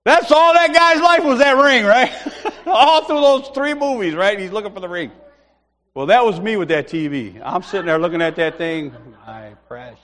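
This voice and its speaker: A man's voice: high voice, normal speed, fairly bright tone. A man preaching a sermon, telling a comic personal story, acting out other people's voices and laughing often.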